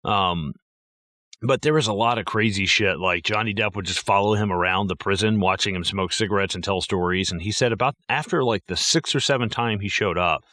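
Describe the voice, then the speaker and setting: A man with a low but bright, forceful voice riffs through a movie breakdown, profane and animated, jumping into quoted voices. His recording is dry and close, with no room sound around it. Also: brisk, no room sound. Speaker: podcast co-host. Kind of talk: casual movie discussion.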